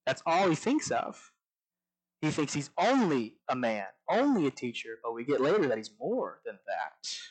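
A man's voice: mid-range voice, big pitch swings, normal speed, husky, low-quality recording. A young man giving a sermon in a conversational way, stumbling over restarts as he reads and questions scripture aloud. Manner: conversational with frequent restarts and asides. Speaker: preacher.

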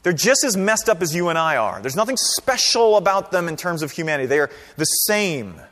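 A pastor preaching a sermon in a conversational, animated way, often checking in with the congregation. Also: male voice, on the high side, a little fast, long reverb tail. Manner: conversational, animated preaching with frequent "right?" and "okay?".

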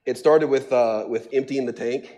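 A man's voice: mid-range voice, normal speed. A middle-aged man, a pastor, telling funny stories in a sermon. He mocks himself, laughs often and fills his talk with "um" and "like.". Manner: animated, self-mocking storytelling with frequent laughter and fillers. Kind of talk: sermon, storytelling to a congregation. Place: church sanctuary.

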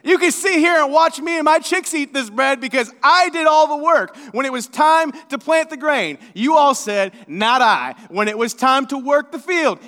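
Man doing an indignant little red hen, storybook voice, high and bright, scolding, reverb of a big hall. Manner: scolding, emphatic repetition. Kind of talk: storytelling in a sermon.

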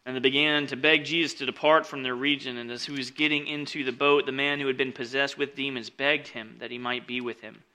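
A man preaching a casual sermon, reading scripture aloud and explaining it conversationally, with lots of "like" and "right?" asides, swinging between loud emphasis and quiet lowered asides. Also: little pitch movement, brisk, hardly any pauses, smooth.

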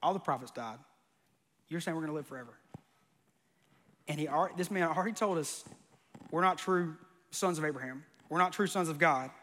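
A man's voice: on the high side, fairly quick, long pauses, fairly bright tone, big-room sound, slight background noise. A man preaching a sermon, conversational and joking, with bursts of emphasis. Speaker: pastor.

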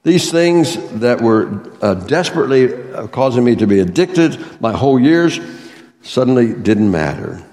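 A man's voice: mid-range voice, very animated, normal speed, darkish tone. A male pastor delivers an earnest sermon, leaning into key phrases with rising emphasis. His mid-range voice rings out with a long reverb in a church sanctuary. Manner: earnest, reads aloud a testimony and scripture with swelling emphasis.

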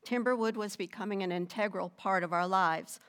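Reading aloud her personal testimony of faith, an older woman speaks with a clear, resonant, medium-pitched voice. Her storytelling is deliberate and measured, and she adds gentle emphasis.

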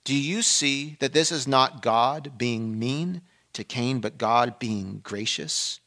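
A man preaching a sermon, dropping to a hush and then rising to emphatic peaks, acting out the people he quotes. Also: mid-range voice, slow pace. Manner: swings between hushed and emphatic, acts out quoted voices. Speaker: pastor.

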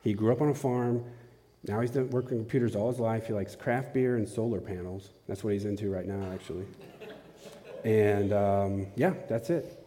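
A man's voice: on the low side, normal speed, mellow. Man preaching in an echoing hall. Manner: casual, asks the audience questions. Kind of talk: conversational sermon. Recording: long hall reverb.

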